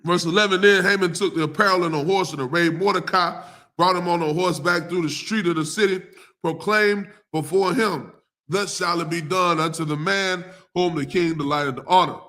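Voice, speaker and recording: A man's voice: sits high, steady tone, sharp tone. Laid-back Southern man preaching scripture. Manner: casual street slang, laughs often, reads verses slowly. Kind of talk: live-streamed scripture teaching.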